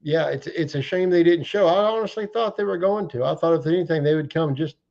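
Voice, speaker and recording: A man talks in a fairly high voice, full of folksy, joking turns of phrase. His sound comes through muffled, lo-fi call audio. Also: a little fast, vocal fry, a little mellow, slight background noise. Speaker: guest. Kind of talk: casual chat on a livestream.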